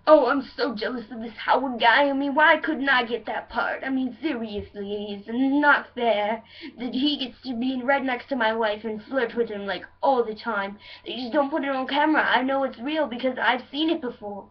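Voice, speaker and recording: A woman doing an impression of a rambling, jealous rock singer who drawls slowly and yells for his wife. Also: a little high, lightly acted. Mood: whiny. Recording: dull lo-fi sound from a distance.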